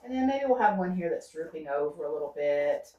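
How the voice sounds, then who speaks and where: Low-voiced woman painting in an echoey studio. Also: expressive, a little fast, dark tone, dull audio, slight background noise. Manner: thinks aloud while painting, coaxing herself to stay loose. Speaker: painter demonstrating. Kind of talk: unscripted painting demonstration. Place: art studio. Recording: roomy studio sound from a distance.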